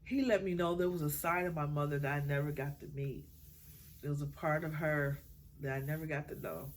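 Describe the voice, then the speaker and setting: A middle-aged woman, a mother, talking from the heart about raising her children, halting often and getting tearful at times. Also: low voice, steady tone, slight background noise. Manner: emotional, halting, many fillers. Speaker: mother sharing her story. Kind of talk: heartfelt personal talk.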